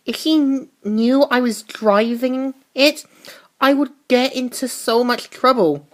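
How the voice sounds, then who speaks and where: A woman voicing a defiant teenage girl thief who talks in high, pleading or indignant bursts. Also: takes it slowly.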